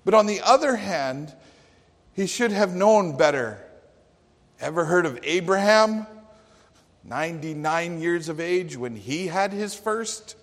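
A man's voice: sits high, lively intonation, slow, a bit bright. A man preaching a sermon in an earnest, emphatic manner. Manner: earnest, emphatic, with acted quotes. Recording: long hall reverb.

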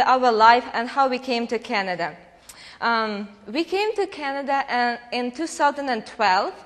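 A Ukrainian woman from Ukraine speaking to a church congregation, telling lively stories, laughing and acting out voices as she goes. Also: high voice, in a large hall. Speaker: guest speaker at a church, interpreting for her husband. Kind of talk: storytelling testimony to a congregation.

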